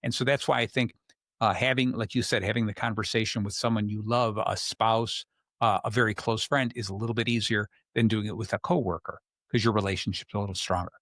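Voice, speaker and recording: Hosting a casual advice podcast about relationships, a man speaks briskly in a lowish, slightly bright voice with fairly even intonation. He chats conversationally and acts out quoted speech. The recording is dry and cleanly studio-produced.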